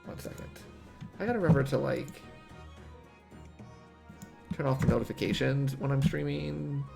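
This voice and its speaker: A man's voice: medium pitch, normal speed, vocal fry, a little mellow, faint music behind. A man streaming a game live, chatty and laughing often, full of "like". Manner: chatty, laughs easily, filler "like". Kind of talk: live let's play commentary.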